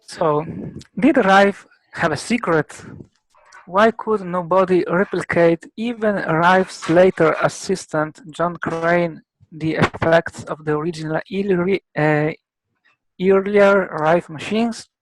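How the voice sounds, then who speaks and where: A man with an Italian accent explaining a technical subject as a guest expert, halting often with filler sounds. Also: high-pitched, slight background noise, low-quality recording. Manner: halting, many filler pauses.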